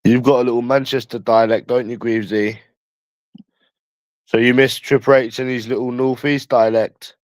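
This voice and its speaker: A man's voice: medium pitch, steady tone, normal speed, dry recording, poor audio. A young man with a London accent chatting casually with viewers, teasing them by asking the same questions over and over.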